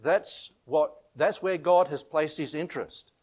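In a voice on the high side, a little slow and a little mellow, a middle-aged Australian pastor reads from the Bible and leads a prayer. His informal sermon is chatty storytelling, with homely anecdotes that make him laugh.

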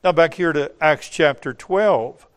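A man preaching a sermon, emphatic, repeating phrases for weight, his voice swelling to loud peaks and sinking low and quiet. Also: measured pace.

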